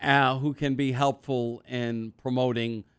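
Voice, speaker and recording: A man's voice: medium pitch, unhurried, clear, resonant tone, no room sound, studio quality. A man hosting a talk radio show, telling rambling stories in casual chat with lots of restarts. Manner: rambling, animated storyteller with restarts. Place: radio studio.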